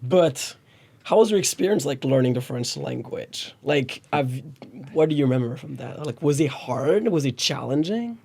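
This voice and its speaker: A man's voice: mid-range voice, animated, moderate pace, gravelly, dark tone, breathy edge. Man casually asking interview questions. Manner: asks questions in a loose, searching way with restarts. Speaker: podcast co-host.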